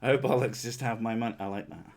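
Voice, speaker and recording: A man's voice: medium pitch, fast talker, vocal fry. A man hosting a casual livestream, wry and swearing freely. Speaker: stream host.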